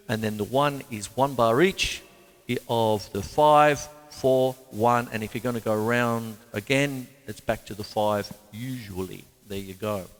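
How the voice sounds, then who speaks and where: A man's voice: mid-range voice, fairly bright tone, in a large hall. An Australian man, a drummer hosting a music show, explaining drum techniques in a chatty, rambling way with jokey asides. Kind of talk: casual music lesson.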